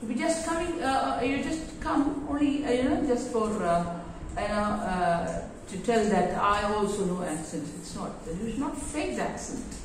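A woman English teacher giving a lesson in a classroom, halting with many fillers. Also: fairly high pitch, animated, a little hiss or hum. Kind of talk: explanatory lesson. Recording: very echoey room, voice far from mic.

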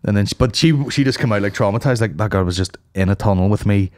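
A man's voice: on the low side, fast talker, darkish tone, dry recording, studio quality. A young man chatting loosely on a podcast, swearing and laughing as he tells stories. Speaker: podcast co-host. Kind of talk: casual chat.

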